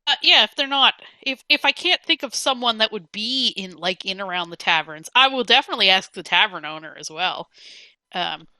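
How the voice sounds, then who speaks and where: A woman's voice: medium pitch, animated, fairly quick, bright, forceful tone, no room sound. A woman player in a tabletop game, chatty and rambling, laughing often. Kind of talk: casual tabletop game chat.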